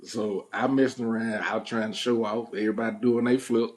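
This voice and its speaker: Animated young man telling a story. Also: lowish voice, brisk. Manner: animated storyteller, acts out quoted voices, laughs at himself. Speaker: podcast host. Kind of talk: casual storytelling chat.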